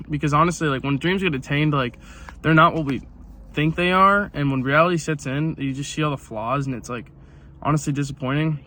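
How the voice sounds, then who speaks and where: A man's voice: medium pitch, a bit bright, slight background noise. A young man talking casually into his phone camera in a car, rambling with lots of "like" and "um". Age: young adult. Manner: rambling, filler-heavy, frequent "like" and "um". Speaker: vlogger. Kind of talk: casual rambling vlog storytelling.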